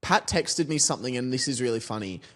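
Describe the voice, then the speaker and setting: A man's voice: mid-range voice, expressive, fast, a bit bright. A man co-hosting a comedy podcast, telling crude stories and mock-quoting others with laughs. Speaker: podcast co-host. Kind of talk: casual comedy banter.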